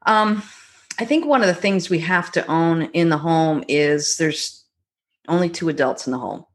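A middle-aged woman, a guest on a talk show, telling stories about her marriage in a reflective, gentle way. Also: sits low. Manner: warm, reflective storytelling with gentle pauses. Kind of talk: conversational podcast interview.

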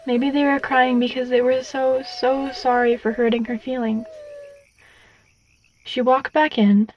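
A woman narrating a story expressively, going softer in the sad passages. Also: on the high side, muffled recording.

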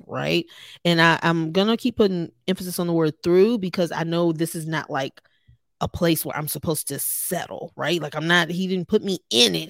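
A woman in her thirties shares her faith in an earnest, conversational podcast style and speaks straight to her listeners. Her voice sits low, with a gravelly fry at the edges. The recording is dry and close. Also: normal speed, dry recording. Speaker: podcast host. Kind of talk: personal faith podcast talk.

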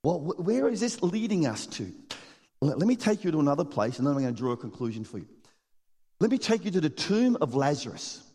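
Animated man preaching in a hall. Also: high voice. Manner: animated, acts out voices in quotes, laughs often. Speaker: pastor. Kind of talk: sermon. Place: church hall. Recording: long hall reverb.

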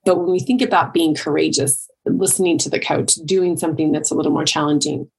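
Middle-aged woman coach, low husky voice with some fry, chatty motivational talk. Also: fairly even intonation, a little fast. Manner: conversational, with many "like" and "right?" asides. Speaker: triathlon and life coach. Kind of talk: motivational monologue.

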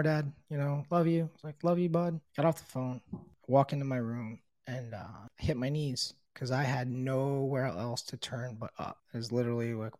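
A man's voice: medium pitch, no echo. A middle-aged man candidly telling his own recovery story, swearing freely and acting out the people he quotes. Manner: candid, frequent swearing, quotes others in dialogue; grows quiet and subdued in emotional moments. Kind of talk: personal storytelling.

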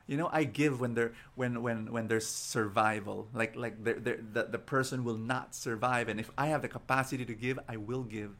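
Creaky-voiced preacher. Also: male voice, medium pitch, moderate pace, hardly any pauses. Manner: animated storyteller, repeats words as he starts sentences. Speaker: preacher and show host. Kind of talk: inspirational sermon with storytelling.

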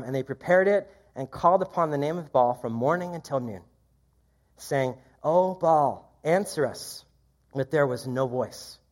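A man preaching a sermon, reading scripture aloud and commenting in a conversational, lively way. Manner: lively, rises in pitch when quoting. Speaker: pastor.

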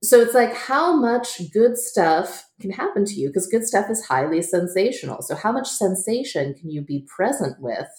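A woman author talking as a guest in a relaxed interview, chatty and quick to laugh, full of fillers. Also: on the low side. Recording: echoey room.

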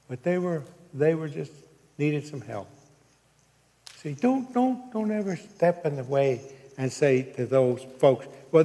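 Slow-preaching man in a reverberant hall. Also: a little high, warm tone. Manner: preaching with call-outs to the congregation. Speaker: pastor. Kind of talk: sermon.

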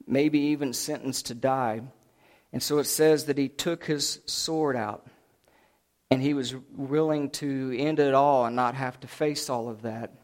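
A man preaching a sermon, retelling a scripture story with dramatic swings from hushed asides to loud outbursts. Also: medium pitch.

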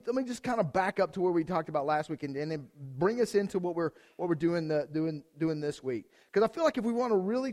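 A man preaching a conversational sermon to his congregation, energetic and speaking to them directly, often repeating himself and restarting phrases. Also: sits high. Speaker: pastor.

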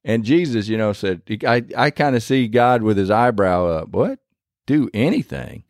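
A man's voice: on the low side, normal speed, no room sound, studio quality. A man preaching a sermon in a conversational, earnest way, retelling scripture in his own words.

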